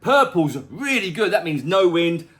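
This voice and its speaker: A man's voice: high-pitched, sing-song, unhurried, fairly bright tone. A man hosting a casual, jokey weather vlog outdoors in his garden, chatting straight to the viewer. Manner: playful, jokey, talks to the viewer. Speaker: weather update host.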